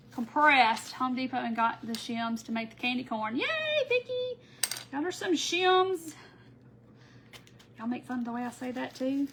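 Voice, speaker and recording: A woman's voice: high-pitched, gravelly, fairly bright tone, a little hiss or hum, poor audio. A woman hosting a casual craft livestream, chatting and laughing with viewers by name while she works. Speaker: craft tutorial host.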